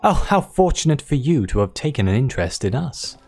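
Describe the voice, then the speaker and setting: A game player voicing a gentle, motherly giant female creature queen from a video game, reading her lines with a cooing, doting manner. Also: mid-range voice, big pitch swings, fairly quick, breathy edge, soft background music. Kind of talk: reading game dialogue aloud.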